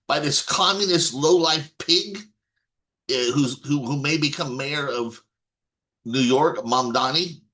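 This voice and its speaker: A man's voice: on the high side, sharp tone. A man giving an off-the-cuff political monologue to his viewers, rambling with many restarts and blunt swearing. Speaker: political commentator.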